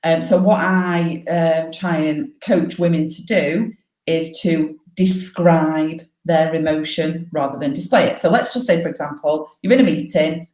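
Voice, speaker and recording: A frank, animated woman coaches live and swears freely. Her voice sits a little low. The sound carries a clear echo off the room walls. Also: unhurried. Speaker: life coach.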